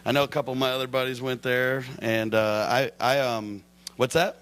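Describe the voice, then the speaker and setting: A young man from Michigan doing a stand-up comedy set in a club, hyper, loud and crude, laughing at his own jokes. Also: medium pitch, flat delivery, moderate pace, smooth.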